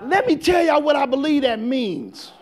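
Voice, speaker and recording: A man. He works in call-and-response, swinging from quiet talk to full shouts. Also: very high voice, big pitch swings, normal speed. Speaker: pastor. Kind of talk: sermon.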